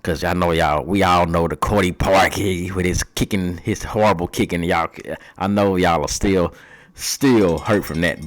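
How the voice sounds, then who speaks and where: A young man with a low voice talks through football predictions off the cuff. He is slangy and casual, swears now and then, and thinks out loud as he goes. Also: steady tone, measured pace. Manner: loose, slangy and profane, thinking aloud. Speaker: podcast host. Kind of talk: casual sports prediction talk.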